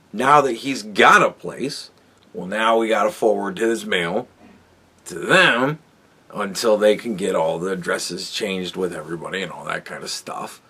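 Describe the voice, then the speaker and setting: A man's voice: lowish voice, measured pace, fairly bright tone, husky. A man hosting a podcast, telling a rambling, profane story in a casual monologue. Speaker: podcast host.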